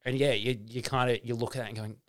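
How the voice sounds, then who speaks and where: A man hosting a podcast, chatting loosely, swearing and acting out quotes in quick bursts. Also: medium pitch, level tone, fairly bright tone. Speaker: podcast host and comedian. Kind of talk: casual podcast chat.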